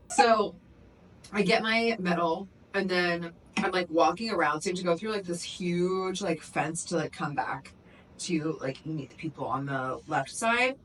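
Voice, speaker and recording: A woman's voice: lowish voice, a little slow, a bit bright, far from the mic, slight background noise, rough recording. A young woman co-hosting a podcast, telling stories in casual chat and saying "like" a lot. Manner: chatty storyteller, heavy use of "like". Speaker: podcast co-host.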